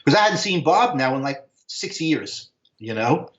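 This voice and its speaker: A man, casually telling animated stories, and he sometimes acts out voices in a high, excited tone. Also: unhurried. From Brooklyn, New York. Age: 60s. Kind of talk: casual storytelling. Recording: echoey, dull video call audio.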